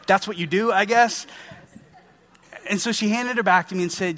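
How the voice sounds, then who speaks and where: A man's voice: on the high side, fairly even intonation, fairly quick, fairly bright tone. A man in his thirties preaching a sermon in an earnest, conversational way, speaking to his listeners as guys. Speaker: pastor.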